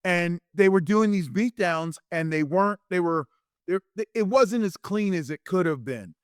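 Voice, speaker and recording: Man, 50s, animated storyteller, restarts a lot, smooth resonant voice, dry close sound. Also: high-pitched, moderate pace, no echo. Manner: lively anecdotes, acts out quotes, frequent restarts. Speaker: interview guest, former wrestler. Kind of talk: animated storytelling in a podcast interview.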